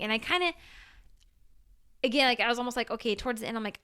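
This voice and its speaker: A woman's voice: a little high, animated, fast, long pauses, sharp tone, clear, resonant tone. A woman on a comics podcast, chatting casually and animatedly with many fillers. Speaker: podcast co-host. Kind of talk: casual chat.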